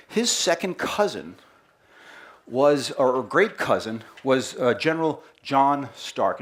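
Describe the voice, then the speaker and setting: A middle-aged man with a Boston accent presents his company's history to a live audience. He talks in a loose, chatty storytelling way, doubling back on words and pulling the crowd in with questions. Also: medium pitch. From Boston, USA. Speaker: company marketing head giving a presentation.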